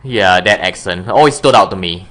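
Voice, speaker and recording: A man's voice: sits low, moderate pace, fairly bright tone. A man chatting casually as a guest, often correcting himself with wry remarks. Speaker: YouTuber guest. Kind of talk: casual chat.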